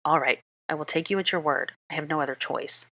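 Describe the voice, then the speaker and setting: A woman reading the part of a clever young witch, speaking briskly with exasperation in an audiobook-style fan reading. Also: low-pitched, gravelly, bright, forceful tone, no echo, exaggerated voice. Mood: exasperated.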